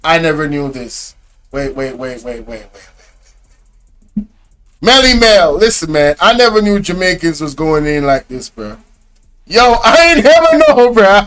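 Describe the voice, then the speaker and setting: A man with a fairly high voice reacts to a video, piling up stunned exclamations and laughter. He talks to his viewers in loose slang and draws his words out at an unhurried pace. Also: very animated, a bit bright, clean tone. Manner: exclaiming, incredulous, often laughing; slang-heavy, addresses viewers directly. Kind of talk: casual reaction commentary.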